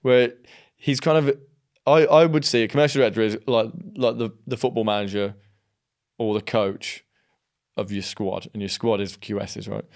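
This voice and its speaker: Man, podcast co-host, smooth clear voice, chatty, anecdotal. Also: on the low side, steady tone, moderate pace, a little mellow. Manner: chatty storyteller, lots of restarts. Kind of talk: casual conversation.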